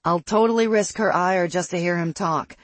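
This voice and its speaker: A woman's voice: fairly low pitch, moderate pace, no echo, pitched above the performer's own voice, close to an everyday voice. A narrator voicing a sassy, blunt young woman with a sarcastic edge.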